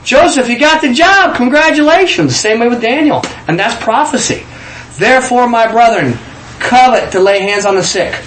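A man giving an informal sermon full of stories, talking in animated bursts and often repeating words as he goes. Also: very high voice, normal speed. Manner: animated, repeats words when excited, southern 'y'all'. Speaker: preacher. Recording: echoey room with faint background noise.

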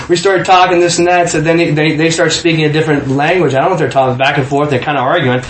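A man from Kansas recounts a personal testimony and slips into the voices of the people in his story, stumbling and restarting as he goes. His voice sits a little high for a man. The room adds a clear echo, with a faint hum of ambience behind him. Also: fast. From Kansas, USA. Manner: animated, acts out quoted voices, frequent restarts and laughs. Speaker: guest telling a testimony. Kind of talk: casual storytelling.

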